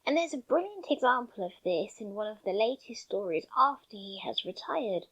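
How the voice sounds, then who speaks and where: Woman, higher voice, lively pitch, earnest commentary monologue. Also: moderate pace, slightly rough, dull audio. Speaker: YouTuber.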